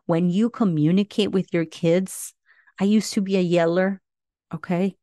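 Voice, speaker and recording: A woman's voice: fairly low pitch, steady tone, a little slow, warm tone, no echo, clean studio sound. A middle-aged woman hosting a parenting podcast, speaking earnestly and often checking in with "right?". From Latino family. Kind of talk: advice monologue.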